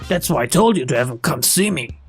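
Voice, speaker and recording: A man voicing a gruff, overbearing middle-aged father who speaks firm and flat. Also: a little high, fairly quick, soft background music. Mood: scolding.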